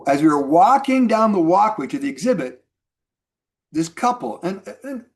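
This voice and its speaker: A man in his sixties tells a long personal story to his listeners, slipping into quick impressions of the people he met. His voice sits a bit higher than most men's. He talks in a relaxed, friendly, rambling way. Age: 60s. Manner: chatty, animated storyteller acting out dialogue. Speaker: mentor speaker. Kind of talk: casual storytelling to a group.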